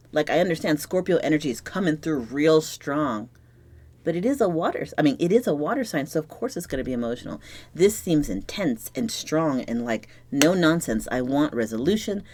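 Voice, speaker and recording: Alone to camera, a low-voiced woman gives a tarot reading in a soft, reflective way, often dropping nearly to a whisper. She sounds moved and searches for the right words as she speaks.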